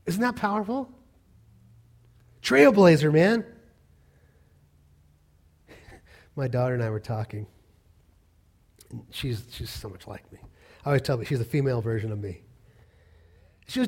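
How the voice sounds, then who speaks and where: A middle-aged man preaching a sermon, animated and acting out the voices of the people he quotes. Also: a little high, moderate pace, pauses often. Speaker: pastor.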